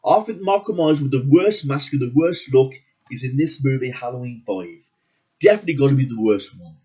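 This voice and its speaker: Ranting husky man. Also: medium pitch, expressive, brisk, warm tone, highs cut off. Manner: swears constantly, repeats words for emphasis. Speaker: movie reviewer. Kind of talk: angry profane movie rant.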